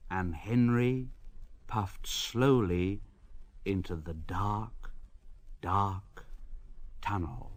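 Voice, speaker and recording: A man narrating a storybook in a slow, expressive way. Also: sits low, dry recording.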